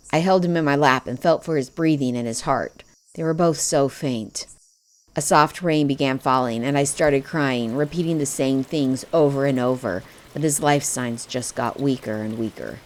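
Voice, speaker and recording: A woman narrating a first-person fantasy audiobook in a steady, emotive storytelling manner. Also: very deep voice, normal speed.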